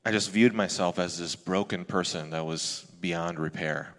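Deep-voiced guy preaching, chatty and open, lots of hall reverb. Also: moderate pace, a bit bright. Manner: candid, conversational preaching with frequent restarts. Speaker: pastor. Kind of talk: sermon.

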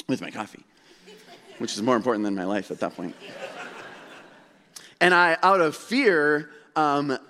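A man preaching a sermon as pastor in a church, telling a story in a relaxed, conversational way with self-deprecating humor. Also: medium pitch. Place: church sanctuary. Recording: long hall reverb.

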